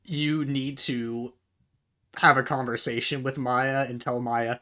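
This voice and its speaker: A man's voice: medium pitch, flat delivery, takes it slowly, sharp tone. A man hosting a reaction video, ranting in casual commentary, exasperated and swearing a lot, stumbling over repeated words as he reads posts aloud to himself. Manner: talks to himself while reading posts aloud.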